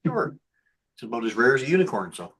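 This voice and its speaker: A man's voice: medium pitch, big pitch swings, fast, a bit bright, breathy edge. A man hosting a casual online talk, teasing the guest playfully. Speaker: host. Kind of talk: casual chat.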